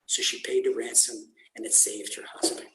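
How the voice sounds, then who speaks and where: Animated male rabbi telling a story. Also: medium pitch, normal speed. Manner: animated, acts out dialogue. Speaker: rabbi teaching a lesson. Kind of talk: storytelling sermon. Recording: echoey room.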